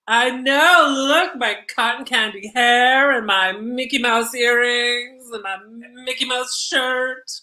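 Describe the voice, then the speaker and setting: A woman's voice: a little high, slow pace, hardly any pauses, pushed and bright. A woman co-hosting a live drag race recap show in casual chat, bubbly and gushing.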